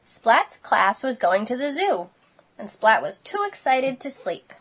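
A woman reading a picture book aloud, expressive and unhurried, adding her own asides. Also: a little high, breathy edge. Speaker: storybook reader.

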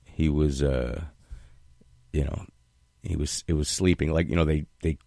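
A man's voice: a bass voice, steady tone, measured pace, gravelly, warm tone, no room sound, studio quality. A man hosting a casual chat, telling family anecdotes and acting out voices in them. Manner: storytelling, acts out voices in anecdotes.

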